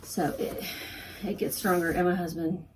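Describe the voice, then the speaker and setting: A woman's voice: fairly low pitch, level tone, moderate pace, darkish tone, a little hiss or hum. A woman from Texas with a light Texas accent, chatting casually and thinking aloud as she packs up her online sales at home. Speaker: online reseller. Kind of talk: casual chat while packing orders.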